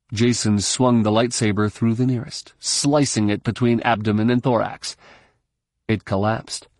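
A man reading scripted narration for an audiobook in a measured, steady storytelling manner. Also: lowish voice, no echo, clean studio sound.

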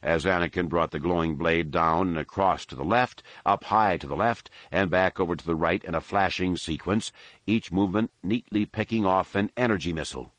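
A man reading a novel as narrator, in steady, even storytelling. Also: low voice, normal speed, no echo. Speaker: audiobook narrator. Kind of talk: scripted narration.

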